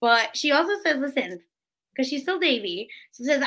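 A woman co-hosting a casual podcast, telling animated stories and acting out quotes. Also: sits high, normal speed. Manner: animated storytelling with acted quotes. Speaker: podcast co-host. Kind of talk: casual chat.

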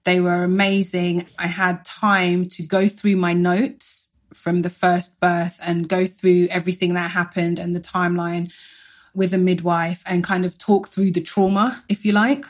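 Woman in her 30s, slightly low voice, quick lively storytelling as a guest. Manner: brisk, animated retelling with quoted dialogue. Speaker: interview guest. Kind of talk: casual personal storytelling.

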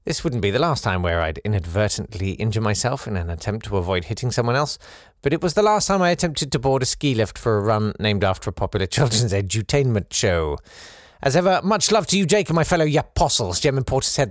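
A man's voice: medium pitch, fairly quick, no room sound, studio quality. A man hosting a podcast, reading out a listener's letter with playful asides of his own. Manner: animated, playful asides between read passages.

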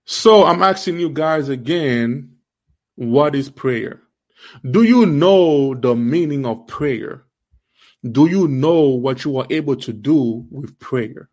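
A man with an accent hosting an online faith series, preaching in an emphatic way with repeated rhetorical questions and halting restarts. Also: animated, darkish tone. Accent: non-native accent. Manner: halting restarts, rising pitch when stressing. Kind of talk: livestream preaching.

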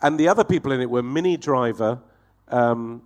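A man telling a profane, animated comic anecdote as a guest on a talk show, acting out the voices in his story. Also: mid-range voice, normal speed.

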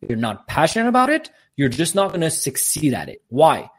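A man's voice: fairly high pitch, huge pitch swings, fairly quick. A man who works as a professional speaker and coach, answering questions as a podcast guest in an emphatic, motivational way. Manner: emphatic, motivational, talks in long runs.

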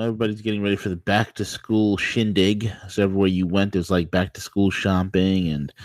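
A man's voice: deep voice, a little mellow, dry recording. A man hosting a casual morning talk show, playful and hypey, rambling with restarts. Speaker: show host.

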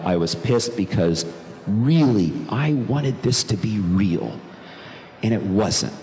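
A man's voice: deep voice, a little mellow. A man telling a personal story in an earnest, reflective way, repeating phrases for emphasis. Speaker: speaker telling his conversion story. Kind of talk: personal testimony talk. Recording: long reverb in a large room, faint background noise.

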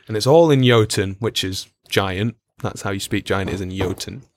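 A man's voice: fairly low pitch, moderate pace, no echo. A man acting as dungeon master, chatting casually on a podcast as he explains game lore, loose and swearing now and then. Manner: relaxed, swears casually, trails off with "like".

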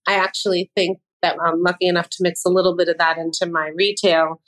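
A woman's voice: fairly low pitch, level tone, fast, fairly bright tone, low-quality recording. A woman in her fifties, a fashion designer guest on a podcast, talking in a candid, self-deprecating way. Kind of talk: casual interview chat.

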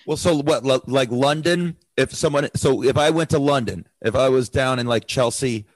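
A man's voice: mid-range voice, moderate pace, no room sound, poor audio. A man from the United States, a comedian guest on a talk show, chatting and joking. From USA. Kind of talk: casual chat.

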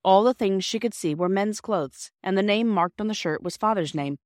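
A woman reading a children's classic aloud as a podcast narrator, with gentle, measured storytelling. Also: mid-range voice, no echo, clean studio sound. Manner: gentle storybook reading, voices dialogue lightly. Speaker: audiobook reader. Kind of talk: scripted narration.

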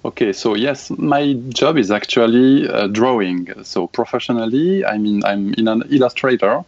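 A man from France with a French accent, co-hosting a podcast in casual chat, halting and apologetic. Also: medium pitch, expressive, darkish tone, dry recording, dull audio. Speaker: podcast co-host, illustrator.

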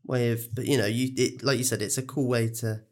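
A man's voice: mid-range voice, fairly even intonation, brisk, darkish tone. A man co-hosting a casual film podcast, laughing often and trailing off mid-thought. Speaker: podcast co-host.

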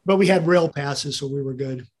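The speaker is an American man in his seventies, a veteran interview guest recounting rambling anecdotes with chuckles and quoted speech. His slightly high voice is a little mellow with a breathy edge, delivered at a moderate pace.

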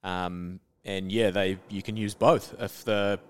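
A New man co-hosting a relaxed talk, mostly adding short remarks and the odd fact. His voice sits slightly low, and he keeps his turns brief. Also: slow, clean tone. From New Zealand. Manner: brief interjections, laughs along. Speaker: podcast co-host. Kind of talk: casual chat.

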